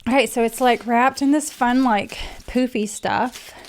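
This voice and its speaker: A woman's voice: a little high, unhurried, a little hiss or hum. A woman chatting casually through an unboxing, emotional and gushing, near tears at times. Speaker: vlogger.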